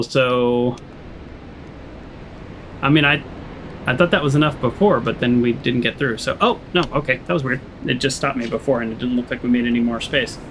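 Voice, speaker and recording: A man at middle pitch talking over his game playthrough, thinking aloud. He sounds dry and sarcastic, often grumbling. A faint hiss of noise sits under the voice. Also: fairly bright tone, poor audio. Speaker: gaming channel host. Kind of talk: let's play commentary.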